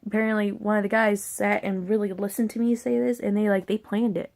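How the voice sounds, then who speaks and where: A woman's voice: medium pitch, little pitch movement, a little fast, gravelly, a little mellow. Rambling woman telling a personal story. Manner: rambling and candid, with casual swearing. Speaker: vlogger.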